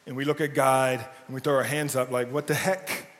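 Jokey pastor in an echoey hall. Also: male voice, mid-range voice, flat delivery, fairly quick. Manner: casual and jokey, often asks "right?". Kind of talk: conversational sermon. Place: church sanctuary.

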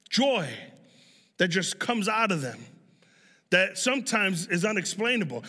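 A young male pastor with a high, bright voice, preaching in a relaxed, storytelling manner. His words ring out with a long hall reverb behind them. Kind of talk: sermon.

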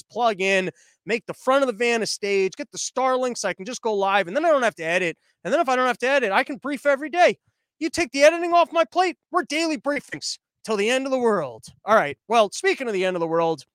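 A man's voice: high voice, a bit bright, smooth, dry recording. A man comedian giving a rambling, sarcastic monologue with lots of fillers, recorded in his living room. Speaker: comedian hosting daily briefings. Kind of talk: casual comic monologue.

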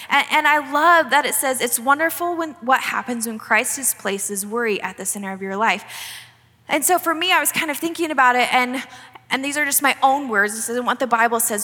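A woman's voice: fairly high pitch, pushed and bright, in a large hall. A young woman giving an earnest, conversational devotional talk, often restarting her sentences. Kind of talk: sermon-style devotional talk.

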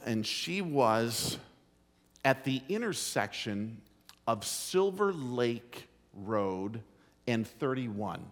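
A middle-aged man preaching a sermon as pastor, telling a folksy story with emphatic, drawn-out phrasing. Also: mid-range voice. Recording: long hall reverb.

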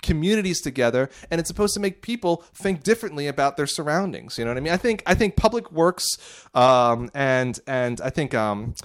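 A man's voice: a little high, a little fast. A man co-hosting a podcast, talking casually and arguing his point, rambling with lots of restarts and repeated words. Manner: animated, argumentative. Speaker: podcast co-host. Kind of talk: casual chat.

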